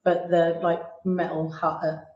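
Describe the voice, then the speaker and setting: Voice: medium pitch, little pitch movement, measured pace, highs cut off. Earnest councillor in an echoey room. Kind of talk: meeting discussion.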